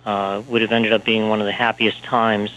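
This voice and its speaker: A male author talking in an interview, halting and full of fillers and restarts. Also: fairly low pitch, level tone, a bit bright, low-quality recording. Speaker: author and speaker, guest. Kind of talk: interview talk.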